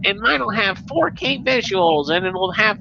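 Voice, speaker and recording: Man mocking a smug, high-voiced boasting reviewer. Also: expressive, moderate pace, gravelly, bright, forceful tone, lo-fi sound, a little hiss or hum, full character voice. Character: smug gloating male toy reviewer.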